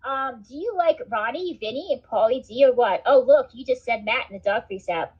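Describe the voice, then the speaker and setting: A woman chatting on her livestream, rambling and cursing, with "like" and "dude" all through her talk. Her voice sits a bit high. The audio is dull and lo-fi. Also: expressive, fairly quick, a little mellow, husky. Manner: rambling, swears a lot, says "like" and "dude". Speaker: livestream host. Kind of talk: casual livestream chat.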